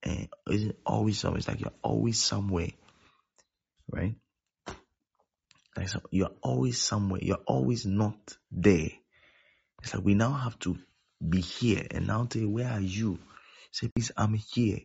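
A male pastor delivers a sermon in a very deep, gravelly, husky voice at a moderate pace, pausing often and sounding a little mellow. He restates his points and repeatedly checks whether his listeners are keeping up. The recording has a dull, lo-fi quality.

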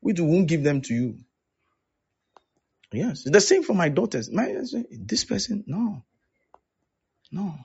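A man's voice: a little high, very animated, normal speed, long pauses, a little mellow, slightly rough, muffled recording. A man preaching as a pastor, acting out both sides of the conversations he recounts. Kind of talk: sermon.

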